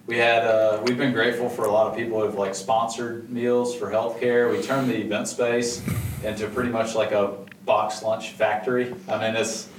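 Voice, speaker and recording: A restaurant owner from Georgia, telling stories in a relaxed way and chuckling often during a casual podcast interview. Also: male voice, lowish voice, moderate pace. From Augusta, Georgia, US. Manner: laid-back, chuckling storyteller. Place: studio. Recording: echoey room, distant mic, noisy.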